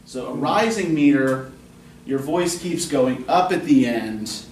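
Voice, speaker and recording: A man's voice: a little high, expressive, takes it slowly, a little mellow. A man teaching a college poetry class, explaining patiently and often asking the students questions. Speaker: college English instructor. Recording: roomy classroom from a distance with faint noise.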